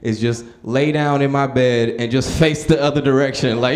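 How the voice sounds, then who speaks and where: A man's voice: medium pitch, fairly even intonation, moderate pace, roomy sound, slight background noise. A young man performing a stand-up set in a club, telling stories in a laid-back way and acting out other voices. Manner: laid-back storytelling, acts out voices, laughs at own jokes. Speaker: stand-up comedian. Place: comedy club stage with audience.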